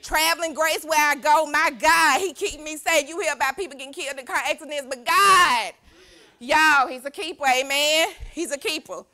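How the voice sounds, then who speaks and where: The speaker is a young woman preaching as a youth pastor, exuberantly calling out to a church congregation that responds. Her voice is high-pitched with a sharp tone at a moderate pace.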